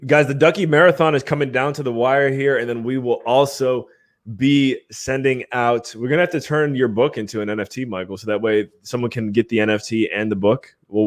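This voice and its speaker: A man hosting a live podcast stream, chatting casually in an upbeat way and laughing often. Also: medium pitch. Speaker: podcast host.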